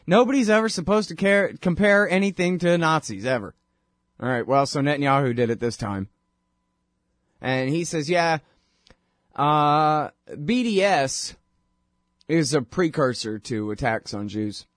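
A man's voice: fairly high pitch, animated, measured pace, dry recording, clean studio sound. A man hosting a talk show, delivering a sarcastic, opinionated political monologue that builds to indignant outbursts.

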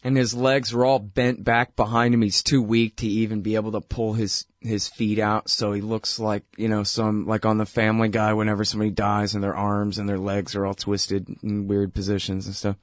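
A man's voice: lowish voice, monotone, moderate pace, hardly any pauses, no echo. Male talk radio host, blunt and heated, chatty with fillers, dry close sound. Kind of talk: opinionated political commentary.

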